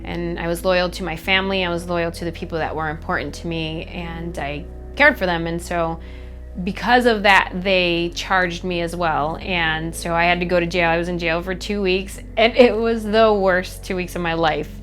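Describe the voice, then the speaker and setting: A young woman from Chicago telling her personal story in a documentary interview, candid and reflective, halting often with fillers. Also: on the low side, steady tone, a bit bright. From Chicago, USA. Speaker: MMA fighter. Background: faint background music.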